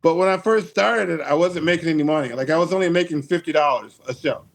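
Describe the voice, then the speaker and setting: A man's voice: on the high side, quick pace, gravelly. A man from Michigan, a comedian guest, telling casual, profane stories on a podcast, leaning on "like" and "uh". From Michigan, USA. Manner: loose, profane, leans on "like" and "uh".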